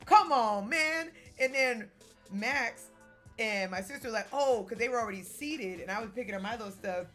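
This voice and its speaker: A young woman vlogger telling a story in a casual, animated way, acting out the quotes and laughing often. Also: mid-range voice, brisk, faint music behind.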